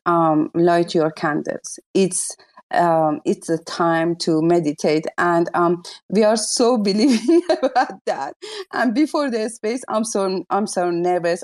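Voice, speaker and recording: A woman's voice: lowish voice, a little mellow. A woman hosting a live audio chat, effusive and exclaiming often, speaking in broken non-native English.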